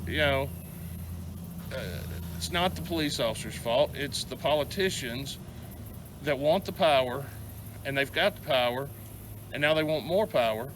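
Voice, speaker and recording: A man's voice: mid-range voice, lively intonation, normal speed, long pauses, background noise. Frustrated Southern man venting. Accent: Southern American. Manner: rambling, frustrated, repeats words. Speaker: vlogger. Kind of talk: angry venting rant to camera.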